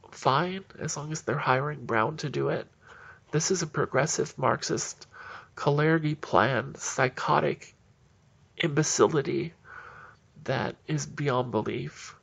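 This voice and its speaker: A man's voice: a little high, vocal fry, fairly bright tone, breathy edge, highs cut off. A man giving heated, indignant solo political commentary in a ranting manner.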